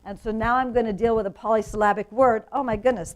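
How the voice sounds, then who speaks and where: A woman who teaches reading methods at a university, giving a lively professional development lecture to teachers and often checking in with the audience. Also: fairly high pitch, fast, low-quality recording. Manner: enthusiastic, asks the audience questions, frequent "right?". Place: conference room.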